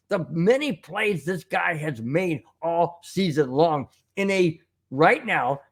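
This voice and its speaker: A man with a high voice that swoops all over as he hosts a fan sports show. He rants emphatically, repeating his points with exasperated force. His talk is a spontaneous monologue to his viewers. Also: breathy edge.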